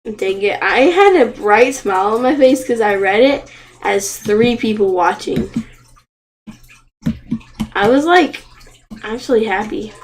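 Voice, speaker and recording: High-voiced young woman streaming a game. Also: a little slow, long pauses, noisy background. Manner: excitable, gasping and crying out at the game, then rambling. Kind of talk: live game stream commentary.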